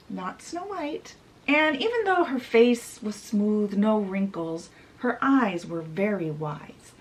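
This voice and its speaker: Lively, chatty woman retelling a story. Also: medium pitch, low-quality recording. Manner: chatty, animated retelling with asides. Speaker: book reviewer. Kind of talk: casual storytelling summary.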